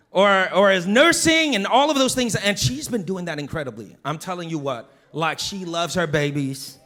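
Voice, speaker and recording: A man in his thirties, a pastor, preaching a sermon in a conversational, animated way. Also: sits high.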